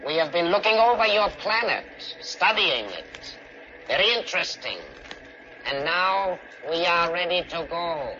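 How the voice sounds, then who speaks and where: A man's voice: high-pitched, a little hiss or hum, full character voice. An actor playing a cold, menacing alien intelligence that speaks through a man's body, in an old-time radio drama. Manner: slow, flat, menacing. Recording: muffled old radio recording with music.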